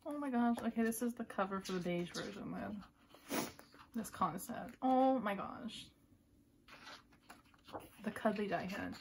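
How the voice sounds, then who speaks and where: A woman with an everyday mid-range voice chats through an unboxing, gushing and excitable. She keeps sliding into hushed, breathy whispers. A faint hiss sits behind her. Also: medium pitch, unhurried, pauses often. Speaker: vlogger unboxing a photobook. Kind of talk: casual unboxing commentary.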